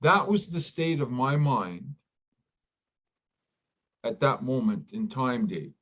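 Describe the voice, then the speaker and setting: A man of middle pitch talks candidly as a guest, thoughtful and halting, often restarting his sentences. He livens up when acting out remembered exchanges. The audio sounds dull and lo-fi. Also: sing-song, a bit bright. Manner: reflective, halting with many restarts; acts out quoted dialogue with livelier voice. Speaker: doctor in recovery, guest. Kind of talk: candid interview conversation.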